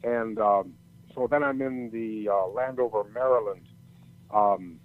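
A man's voice: lowish voice, unhurried. An older man telling a long, rambling story in casual chat, swearing freely and often restarting his sentences. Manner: rambling, profane, many restarts. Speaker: storyteller guest. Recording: tinny phone-like audio.

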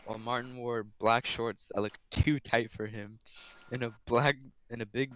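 A young man hosting a casual podcast, reading a fan story aloud slowly and cracking up at it. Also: mid-range voice, steady tone, fairly bright tone, low-quality recording. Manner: reads slowly and breaks into laughter. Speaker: podcast host reading a fanfic.

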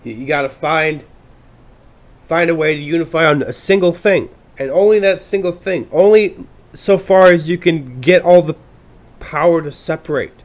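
An American podcast host launches into a profane political rant that rambles and frequently restarts. His voice is fairly high in pitch and moves at normal speed.

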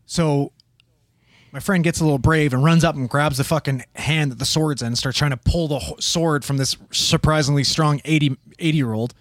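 With a fairly high voice at a moderate pace, a young man describes a wild incident from his paramedic work, profane, casual and lively as he imitates the people involved. The recording is dry and of studio quality.

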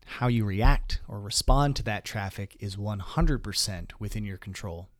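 A man's voice: fairly low pitch, moderate pace, no echo, studio quality. A man co-hosting a podcast, chatting casually with advice and frequent laughs, often restarting his sentences. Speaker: podcast co-host.

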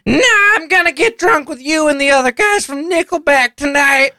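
A petulant, drunken rock drummer whining in a squeaky voice pushed far above its usual pitch, as a man puts him on. The bright, thin tone sits close and dry on the mic. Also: animated, moderate pace, no echo, heavily acted. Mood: whiny. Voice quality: high squeaky put-on voice. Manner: whiny, petulant.

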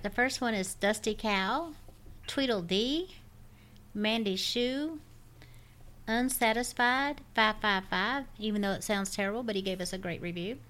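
A woman's voice: medium pitch, sharp tone. A woman co-hosting a podcast, her voice in an ordinary middle range. She sounds cheerful and affectionate and calls her listeners honey. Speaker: podcast co-host. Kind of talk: casual chat.

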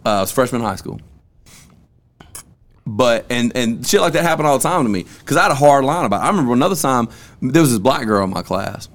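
A man's voice: mid-range voice, expressive, fast talker, slight background noise. A young man on a casual podcast, telling stories from his school days in loose, slangy talk with plenty of cussing. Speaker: podcast host.

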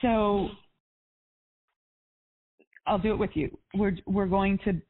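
A woman's voice: medium pitch, fairly even intonation, slow pace. A woman life coach on a coaching call, chatty and upbeat, with lots of casual fillers. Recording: tinny phone line.

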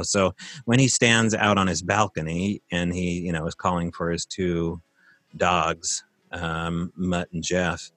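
A man's voice: low voice, fairly bright tone, dry recording. A man casually telling a long, rambling story from his rural property, with many fillers and restarts.

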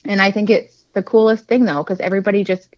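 A woman's voice: mid-range voice, steady tone, fast talker, darkish tone, no room sound. A woman author chatting casually as a podcast guest, rambling with lots of fillers over a dull remote recording. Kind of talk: casual interview chat. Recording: dull, dry remote audio.

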